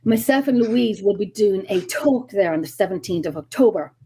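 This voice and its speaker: A woman's voice: medium pitch, animated, normal speed, dark tone, poor audio. A woman with an Irish accent, a paranormal investigator, chatting as a guest in an interview and telling long stories full of ums and restarts. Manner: rambling storyteller with frequent ums and restarts. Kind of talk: casual interview chat.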